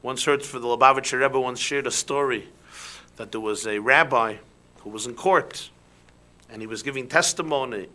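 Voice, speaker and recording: A man, a rabbi, giving a sermon with animated rhetorical questions that drop into soft emphasis. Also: medium pitch, moderate pace.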